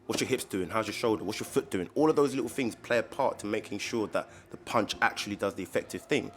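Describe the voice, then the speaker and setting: A man's voice: lowish voice, fast talker, a bit bright, a little hiss or hum. A man who works as a personal trainer, talking casually as a podcast guest in a laid-back, slang-heavy, emphatic way. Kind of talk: casual chat.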